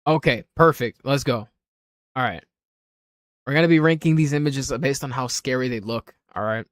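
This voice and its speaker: A man's voice: mid-range voice, moderate pace, no echo, clean studio sound. A man streaming casually, ranking images with blunt, offhand remarks and frequent swearing. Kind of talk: casual livestream commentary.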